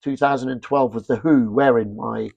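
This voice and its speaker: A middle-aged man, a fashion brand founder, telling rambling, animated anecdotes with lots of restarts in a casual interview. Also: mid-range voice, moderate pace, creaky, dull audio.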